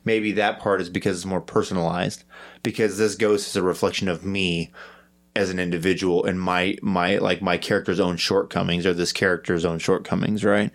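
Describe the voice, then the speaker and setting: Hesitant, low-voiced male podcast host. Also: flat delivery, moderate pace. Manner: rambling, hesitant, self-deprecating. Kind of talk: casual podcast discussion.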